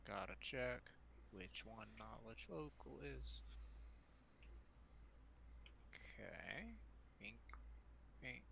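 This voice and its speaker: Slow-talking, gravelly man muttering to himself. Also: mid-range voice, animated, background noise. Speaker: player. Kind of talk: tabletop game chat.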